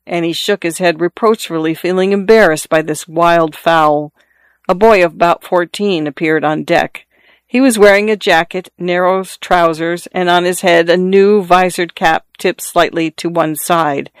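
A man's voice: high voice, steady tone, unhurried, clean tone, dry recording. A man narrating a story in a scripted reading style, lightly voicing the characters in the dialogue.

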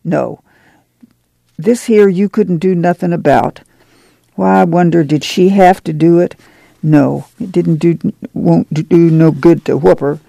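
A man's voice: on the high side, unhurried, vocal fry, mellow, no room sound. A man doing Ma, a weary, firm migrant mother.

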